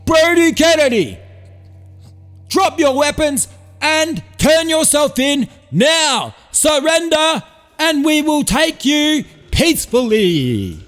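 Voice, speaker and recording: A man's voice: very high voice, very animated, fairly bright tone, in a large hall, pitched above the performer's own voice, full character voice. A man voicing a stern male police sergeant giving orders over a megaphone. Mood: commanding. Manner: official, commanding, slow.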